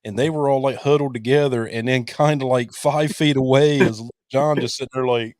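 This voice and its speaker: A man's voice: mid-range voice, fairly even intonation, a little fast, darkish tone, no room sound, studio quality. Jokey, self-mocking male podcast host. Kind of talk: casual interview chat.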